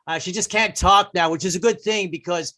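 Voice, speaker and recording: A man's voice: high-pitched, fairly even intonation, fairly quick, pushed and bright. A man putting on a rambling, apologetic middle-aged salesman with a Minnesota accent. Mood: sheepish. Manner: rambling, stammering, sheepish.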